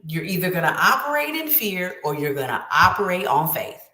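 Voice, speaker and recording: A woman's voice: lowish voice, very animated, a little fast, sharp tone, roomy sound. A woman writing coach giving an emphatic, preachy motivational talk with lots of repetition.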